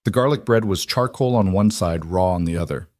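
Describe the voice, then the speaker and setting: A man reading a scripted story in an even, measured narration. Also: deep voice, dry recording, clean studio sound.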